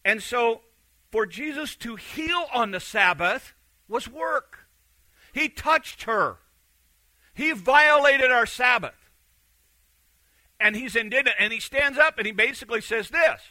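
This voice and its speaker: A man preaching a sermon, animated and acting out the quotes he reads, swinging between loud and hushed. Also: very high voice, measured pace, long pauses, no echo, rough recording.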